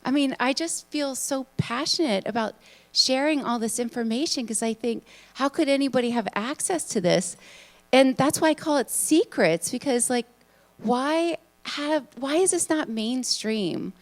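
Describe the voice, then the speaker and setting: Excitable, chatty woman speaker addressing a room, lively and fairly high voice. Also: a little slow. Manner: bubbly, excitable, chatty with many fillers. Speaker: conference speaker, hypnotist. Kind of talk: live talk to an audience. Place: event room in front of an audience.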